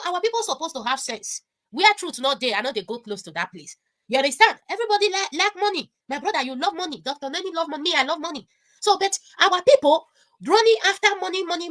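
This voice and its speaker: This is a Nigerian woman speaking as a guest on an online discussion. Her voice sits high and sounds bright and sharp. She talks excitedly, mixes in pidgin and laughs often. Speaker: guest commentator.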